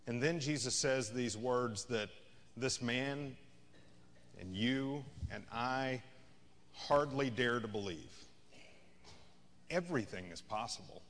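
A man's voice: medium pitch, a bit bright. Male pastor, mid-range voice, chatty preaching that swells and drops, recorded in a church with a long echo. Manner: conversational preaching, rising and falling in intensity. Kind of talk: sermon. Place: church sanctuary.

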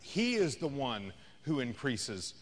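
A man's voice: medium pitch, very animated, slow, in a large hall. A man preaching a sermon as a pastor, in a conversational style that rises and falls in intensity. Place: church sanctuary.

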